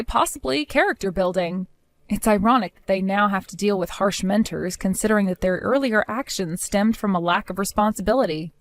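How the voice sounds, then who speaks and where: Cool, measured woman narrating a story. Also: medium pitch. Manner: cool, measured and matter-of-fact.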